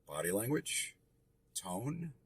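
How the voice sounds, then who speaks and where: A man with a very husky, raspy voice leads a real estate investing lesson. His pitch sits low but swings widely as he talks. He coaches directly and emphatically, hammering his key points through repetition. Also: big pitch swings, slow.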